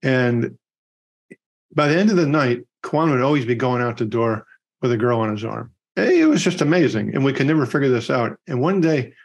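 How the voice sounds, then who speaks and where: A man's voice: medium pitch, very animated, moderate pace, gravelly. A middle-aged man co-hosting a podcast, chatting casually and telling long rambling anecdotes. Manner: rambling anecdotal storyteller with many fillers. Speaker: podcast co-host. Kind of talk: casual chat and storytelling.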